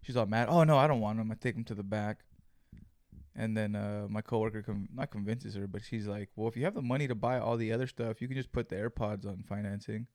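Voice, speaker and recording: A man's voice: fairly low pitch, level tone, a little fast, darkish tone, no echo, studio quality. A young man co-hosting a podcast, telling casual stories full of swearing and acted-out quotes. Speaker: podcast co-host. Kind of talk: casual chat.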